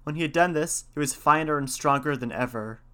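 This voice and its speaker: A man's voice: a little high, brisk, bright, forceful tone, clear, resonant tone. A man narrating an old folk tale in a folksy, old-fashioned storybook manner.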